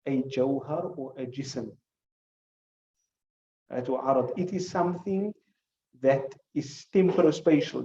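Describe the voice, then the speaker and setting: A man's voice: on the high side, warm tone, roomy sound, far from the mic, muffled recording, a little hiss or hum. A male teacher gives a classroom lecture, explaining with examples and putting questions to his students.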